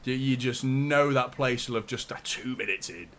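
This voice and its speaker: A man's voice: mid-range voice, normal speed, fairly bright tone. A young man hosting a live football watchalong, chatting casually, swearing and reading out viewer messages. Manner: chatty, swears a lot, reads out super chats. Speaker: fan channel host doing a live watchalong. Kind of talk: live match watchalong commentary.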